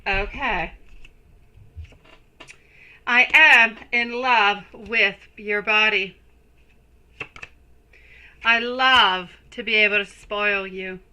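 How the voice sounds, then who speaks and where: A woman hosting a live tarot reading stream, speaking slowly and affectionately to her viewers. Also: medium pitch, steady tone, pushed and bright, clean tone, low-quality recording. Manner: slow, soothing, affectionate toward viewers.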